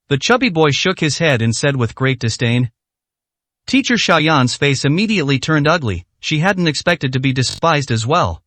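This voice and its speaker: Lively male storyteller, dry sound. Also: a little high, normal speed, dry recording. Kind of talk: scripted narration.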